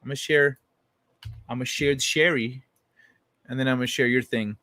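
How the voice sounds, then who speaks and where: A man's voice: mid-range voice, fairly even intonation, a little fast, bright, forceful tone, no room sound. A young adult man hosting a late-night livestream, chatting casually and reading viewer messages, loose and profane, rambling with many restarts. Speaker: livestream host.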